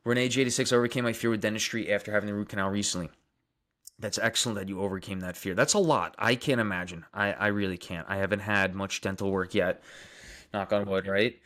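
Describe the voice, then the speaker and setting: A young dentist from Long Island, New York, with a Long Island accent, chats casually on a livestream, reading viewer names and comments aloud and answering them, often repeating phrases. His lowish voice is steady, fast and a bit bright.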